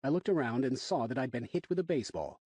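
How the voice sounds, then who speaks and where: A man narrating a thriller audiobook in the first person, wry and expressive. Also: medium pitch, fast talker, husky, dry recording.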